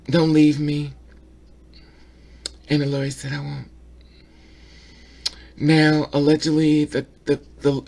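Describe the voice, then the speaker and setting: A man's voice: on the high side, creaky, darkish tone. A man giving an emotional opinion vlog about a documentary, repeating himself and stammering when upset. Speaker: vlogger reviewing a documentary.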